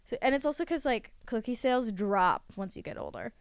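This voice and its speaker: A teenage girl, a guest on a podcast, chats casually in a fairly high, lively voice. She talks briskly and smoothly, rambling through long explanations packed with fillers until she runs short of breath. There's no room sound.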